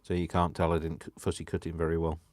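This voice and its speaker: A man's voice: sits low, completely flat delivery, fast talker, darkish tone. Giddy rambling man crafting on a live stream. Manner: giddy, rambling, talks to himself. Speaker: crafting vlogger. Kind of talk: casual live-stream chat while crafting.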